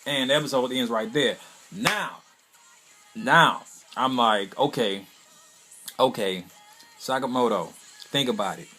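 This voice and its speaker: A man casually reviewing an anime episode in a rambling, slangy, profane way, now and then breaking into excited bursts. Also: mid-range voice, a little slow, pauses often, faint music behind.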